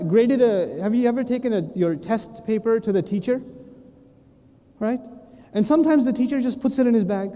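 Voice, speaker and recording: A man giving a humorous religious lecture, telling stories with animated asides and self-corrections. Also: very high-pitched. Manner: animated storytelling with quick asides. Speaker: Islamic lecturer. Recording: long hall reverb.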